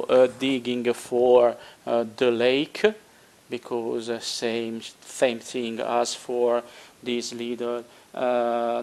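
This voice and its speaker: A man who is not a native English speaker talks through a hobby project at a slow, unhurried pace, his mid-range voice carrying a gravelly edge. He stops often on filler sounds and corrects his own words as he works. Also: medium pitch. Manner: hesitant, many filler sounds, self-correcting. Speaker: hobbyist tutorial maker. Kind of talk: casual how-to narration while working.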